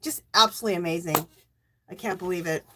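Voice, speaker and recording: A middle-aged woman hosting a casual livestream, emotional and teary, thanking viewers by name and cheering with loud whoops. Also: on the low side, fast talker, noisy background. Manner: thanks donors warmly by name. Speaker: livestream host.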